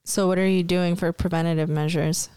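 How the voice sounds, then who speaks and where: A woman's voice: on the low side, level tone, a little fast, mellow, clean tone. A woman co-hosting a podcast, chatting casually in an easygoing, teasing way. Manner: easygoing, teasing, laughs along. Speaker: podcast co-host. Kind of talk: casual chat.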